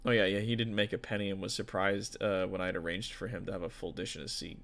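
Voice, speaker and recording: A man's voice: low-pitched, fairly even intonation, fast, hardly any pauses, fairly bright tone. A man, a tabletop game master and streamer, chatting casually with viewers in a rambling, profane way full of fillers.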